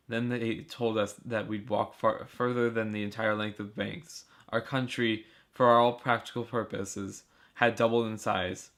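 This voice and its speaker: A man reading a novel chapter aloud for a school project, steady and earnest. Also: lowish voice, unhurried. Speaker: student reader. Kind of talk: amateur audiobook reading.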